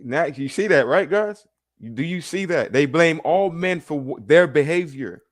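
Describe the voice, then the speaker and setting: A man's voice: a little high, expressive, measured pace, no echo. Man podcast co-host, crude emphatic talk, dry close sound. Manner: loud, crude, emphatic repeating. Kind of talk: casual commentary chat.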